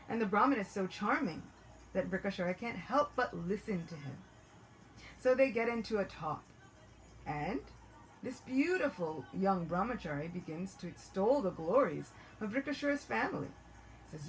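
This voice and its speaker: A woman narrating a devotional story in an animated, expressive way. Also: medium pitch, moderate pace, soft background music, poor audio.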